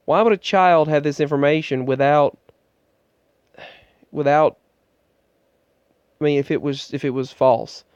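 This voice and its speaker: A man telling his own story in a vlog, earnest and halting, often restarting his sentences, recorded on an earbud microphone indoors. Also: on the high side, darkish tone, clear, resonant tone, dry recording. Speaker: vlogger. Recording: muffled, dull sound.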